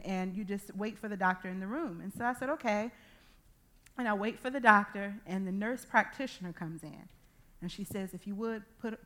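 A woman in her thirties or forties preaching a sermon, telling a personal testimony with animated, acted-out dialogue. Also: medium pitch. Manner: animated storytelling, acting out dialogue.

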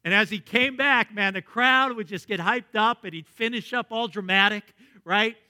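A pastor preaches a sermon like a storyteller, building to excited peaks and then dropping to near whispers. His voice is bright and forceful, pitched a little high for a man. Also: normal speed.

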